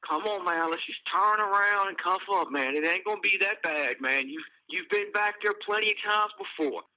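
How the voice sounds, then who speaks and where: A man's voice: high-pitched, moderate pace, bright, forceful tone, rough recording. A man voicing male prison guards who coax and plead with an inmate. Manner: pleading, placating. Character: weary men prison guards coaxing.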